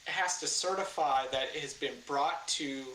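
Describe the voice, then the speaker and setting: A man's voice: a little high, moderate pace. A man telling a story as a guest in a casual podcast interview. He acts out what others said, swears freely and laughs at his own story. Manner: animated, acts out quotes loudly, swears, laughs. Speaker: guest, car builder and former racer. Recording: echoey room with faint ambient noise.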